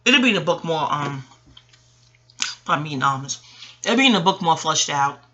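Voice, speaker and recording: A woman's voice: sits low, lively intonation, normal speed, bright, forceful tone, dull audio, a little hiss or hum. A woman hosting an audio-only astrology talk, rambling off on tangents, joking and cursing freely. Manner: rambling, digressive, profane and playful. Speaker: astrology video host. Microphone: audio-only home recording.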